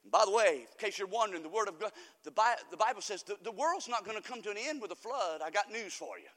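A man preaching a sermon as pastor, switching from shouted declarations to low, confiding asides. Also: expressive, fast talker. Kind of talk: fiery sermon. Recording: long hall reverb.

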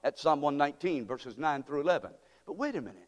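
A man's voice: fairly high pitch, lively intonation, quick pace. A man preaching a sermon from the pulpit, firing rhetorical questions at the congregation. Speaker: pastor. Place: church sanctuary. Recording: long hall reverb in church.

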